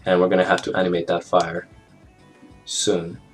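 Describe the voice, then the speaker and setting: A man walking through an animation software tutorial in a casual, think-aloud way, with fillers and small jokes. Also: deep voice, completely flat delivery, moderate pace. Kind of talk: screen-recorded software tutorial narration. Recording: clear background music under the voice.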